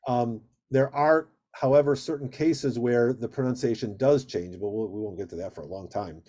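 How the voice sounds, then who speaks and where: A rabbi teaching a Hebrew reading class on a video call, patient and steady, drawing out vowel sounds in drills. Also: male voice, mid-range voice, normal speed.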